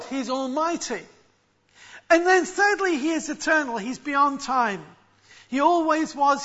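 High, bright-voiced male preacher. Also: lo-fi sound. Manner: expository, emphatic, with frequent restarts. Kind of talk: sermon.

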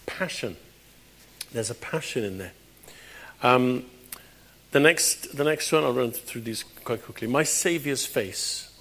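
A British man preaching a conversational sermon in a church, with sudden loud, emphatic bursts. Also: mid-range voice, animated, measured pace, pauses often. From Britain.

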